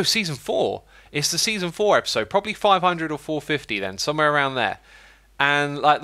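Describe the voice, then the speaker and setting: A man's voice: mid-range voice, sharp tone, no echo. A man chatting casually on a livestream and rambling with many fillers. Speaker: streamer.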